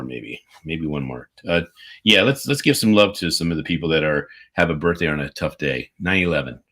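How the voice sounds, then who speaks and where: Enthusiastic male co-host with a very low voice, talking casually on a video call. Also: a bit bright. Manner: enthusiastic, rambling, upbeat. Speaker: podcast co-host. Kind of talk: casual livestream chat, reading birthday shout-outs. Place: remote livestream video call.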